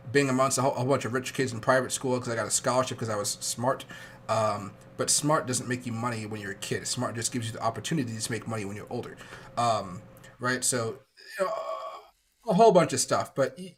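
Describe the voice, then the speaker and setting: Young male livestream host, sick, rapid rambling delivery, faint noise behind. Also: mid-range voice, a bit bright. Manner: fast rambling chatty, with fillers. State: sick, coughing. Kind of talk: casual livestream talk.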